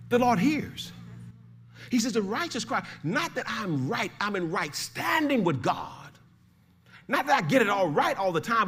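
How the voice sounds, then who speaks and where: Older male pastor, lively sermon delivery, rising to shouts and dropping to hushed tones, fairly high voice. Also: slight background noise. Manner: swings from shouted pleading to hushed, low emphasis.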